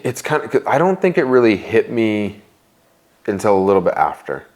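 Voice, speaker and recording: A man's voice: fairly low pitch, sing-song, brisk, a little mellow. A young man as an interview guest, talking casually and candidly, with many fillers and restarts. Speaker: guest, business owner.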